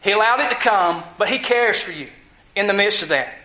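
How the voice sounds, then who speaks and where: A man's voice: high voice, expressive, a little fast, bright, forceful tone. A man preaching a sermon in a folksy, conversational way, full of rhetorical questions to his church. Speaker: pastor. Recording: echoey room.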